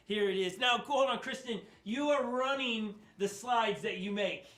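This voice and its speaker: Male pastor, casual joking sermon, high bright voice, roomy echo. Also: a little slow. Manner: chatty, joking, animated. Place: church stage.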